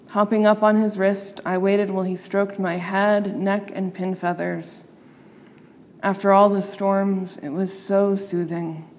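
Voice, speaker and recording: Slow expressive woman reading a storybook. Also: mid-range voice, big-room sound, slight background noise. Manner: expressive, playing up sound words.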